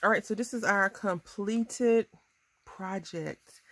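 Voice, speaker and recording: A woman in her thirties chatting casually through a crafting tutorial, bubbly and quick to laugh at herself. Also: mid-range voice, fairly bright tone, dry recording. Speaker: crafting vlogger.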